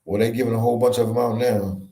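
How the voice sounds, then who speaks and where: A man's voice: mid-range voice, fairly even intonation, fast, mellow. A man from Philadelphia, a travel vlogger, chatting on a livestream and reacting to viewer comments in a casual way. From Philadelphia, Pennsylvania. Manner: casual, conversational, reads comments aloud and reacts. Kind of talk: live stream chat reading viewer comments. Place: office room with echo. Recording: echoey office room.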